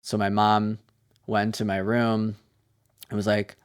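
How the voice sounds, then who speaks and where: A man with a lowish, smooth and resonant voice recounts a hard personal memory as an interview guest. He speaks candidly and with feeling, often restarting his sentences. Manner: candid and emotional, with quick restarts.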